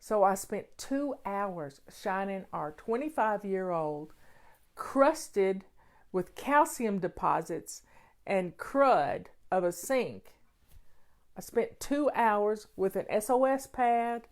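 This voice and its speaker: A woman's voice: medium pitch, animated, slow pace, darkish tone. A woman hosting a casual question-and-answer show on home organizing, talking in an emphatic, folksy way and repeating key phrases.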